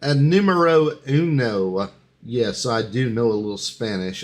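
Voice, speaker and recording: A man's voice: mid-range voice, unhurried. A man hosting a headline quiz on a live talk show, joking and announcing in a playful way. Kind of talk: casual live show chat.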